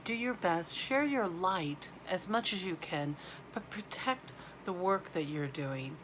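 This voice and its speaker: A woman doing an intuitive oracle card reading, unhurried and halting, with a lowish voice. She sounds heartfelt and spiritual, pausing often between phrases. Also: lively intonation, a bit bright, a little hiss or hum.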